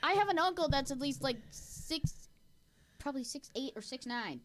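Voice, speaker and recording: A woman's voice: animated, moderate pace, noisy background. A woman co-hosting a casual podcast, rambling and giggling while acting out imagined scenes. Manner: giggly, rambling, acts out quotes in squeaky voices. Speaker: podcast co-host. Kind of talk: casual chat.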